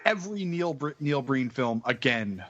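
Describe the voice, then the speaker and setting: A man's voice: medium pitch, big pitch swings, moderate pace, a bit bright, no echo. A man guesting on a podcast, chatting casually in a sardonic, swearing way. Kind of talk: casual chat. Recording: dry, dull lo-fi sound.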